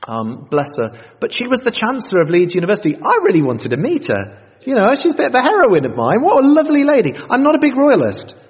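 Animated man preaching in a hall. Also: high voice, fairly quick. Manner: animated, self-mocking storytelling. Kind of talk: sermon. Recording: dull sound in a reverberant hall.

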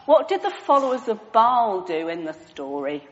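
A woman's voice: mid-range voice, sing-song, moderate pace, in a large hall, highs cut off. A woman preaching an all-age sermon with props, chatty and self-deprecating, asking the congregation questions.

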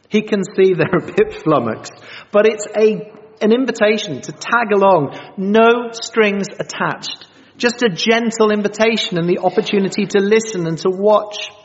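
Man, 50s, sermon, self-mocking storyteller, swooping lively pitch, muffled sound, long hall echo. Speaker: preacher. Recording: dull sound in a reverberant hall.

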